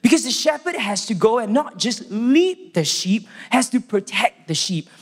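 Singaporean guy preaching in a church, lively storyteller, long echo tail. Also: very high-pitched, moderate pace. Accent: Singaporean English. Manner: animated storytelling, acts out quotes. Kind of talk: sermon with opening prayer. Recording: long hall reverb.

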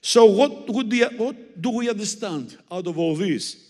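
Male preacher, high lively voice, slow delivery, long hall echo. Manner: animated, teasing, with audience demonstrations. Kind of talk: sermon with Greek word study.

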